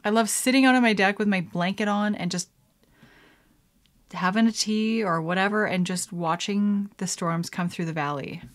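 Female podcast host, casual rambling solo chat, average pitch, studio mic. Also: moderate pace. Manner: chatty and rambling, frequent laughs and fillers.

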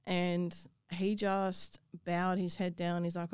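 Woman guest, candid and sweary, smooth clear voice, dry close sound. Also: on the low side, level tone, slow pace, a little mellow, no echo. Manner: blunt, swears freely, emotional storytelling. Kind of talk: personal story in interview.

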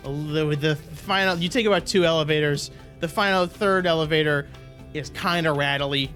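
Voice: medium pitch, moderate pace, a bit bright, soft background music. A game master narrating a tabletop role-playing game. The telling rambles and doubles back, and chuckles often break into it.

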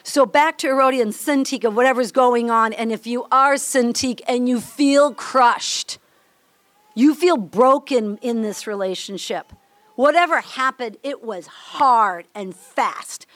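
Older Midwestern woman, high and bright, candid devotional speaker, dry close sound. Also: no room sound. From Minnesota. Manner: chatty, candid, laughs often, acts out little scenes. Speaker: women's ministry speaker. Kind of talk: devotional teaching talk.

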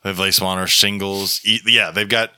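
A man's voice: low-pitched, steady tone, fairly quick, bright, forceful tone, clear, resonant tone, no echo, clean studio sound. A man co-hosting a podcast in casual chat, blunt and teasing, swearing freely. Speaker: podcast co-host.

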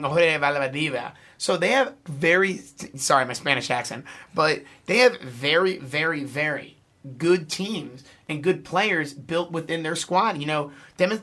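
Bright-voiced excitable man talking sports. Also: a little high. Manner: excitable, lots of fillers. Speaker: podcast host. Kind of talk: casual sports chat.

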